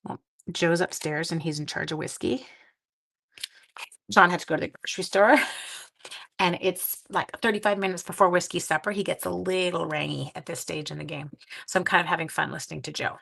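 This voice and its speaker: A woman's voice: on the low side, steady tone, fairly quick, gravelly, a bit bright. Chatty woman hosting a craft livestream. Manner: chatty, greets and answers viewer comments while working; talks half to herself while crafting. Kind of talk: casual live-stream card-making demonstration.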